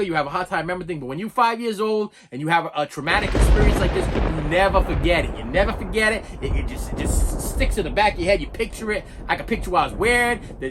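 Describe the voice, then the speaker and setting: A middle-aged man telling a childhood story as an animated rant, repeating himself and acting out the scenes. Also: high-pitched, noisy background. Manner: animated, repetitive, acts out scenes. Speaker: vlogger.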